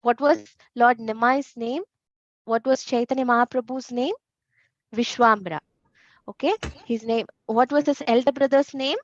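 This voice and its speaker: A woman teaching a children's class, telling a story and asking the kids questions in an animated way. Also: a little high, moderate pace, dry recording, highs cut off.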